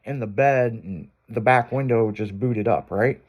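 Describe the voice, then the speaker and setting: A man's voice: mid-range voice, measured pace, lo-fi sound. A man hosting a radio show, telling a long crude story in loose casual talk.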